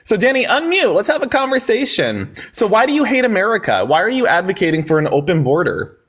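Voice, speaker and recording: A man's voice: high-pitched, sing-song, fast, a bit bright, a little hiss or hum. A man hosting a heated livestream debate, mocking and sarcastic, who often talks over the caller.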